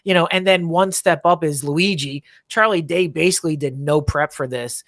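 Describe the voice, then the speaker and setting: A man's voice: fairly high pitch, moderate pace, fairly bright tone, no room sound, studio quality. A man giving opinions as a guest in a casual movie review chat, talking in a conversational way. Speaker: guest critic.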